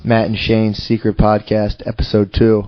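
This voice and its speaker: Deadpan man cohosting a crude podcast. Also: on the low side, moderate pace, soft background music. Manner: deadpan, mock-indignant teasing. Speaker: podcast co-host. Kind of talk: casual comedic banter. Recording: dull lo-fi recording.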